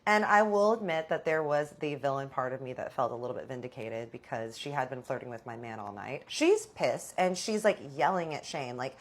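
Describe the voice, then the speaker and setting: Animated young woman telling a story. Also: low voice, brisk, few pauses. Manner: animated, dramatic, swears freely. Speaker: storyteller vlogger. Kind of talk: casual storytime.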